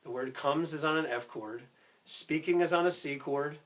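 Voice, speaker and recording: A man teaching a step-by-step music lesson who explains slowly, keeps checking in with "right?" and breaks into short sung snippets. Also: on the high side. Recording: loud instrument playing behind the voice.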